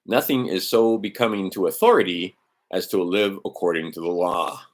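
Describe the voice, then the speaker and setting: Speaking into a desk mic at normal speed, a middle-aged legal maxims streamer with a deep, low voice rambles through a shared document with sardonic remarks. His loose, casual delivery is broken by restarts and the occasional curse.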